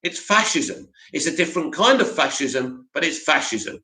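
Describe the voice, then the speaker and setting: A man's voice: on the high side, sing-song, moderate pace, bright, forceful tone, echoey room, low-quality recording. A man hosting a live stream, answering chat messages with blunt, opinionated rants.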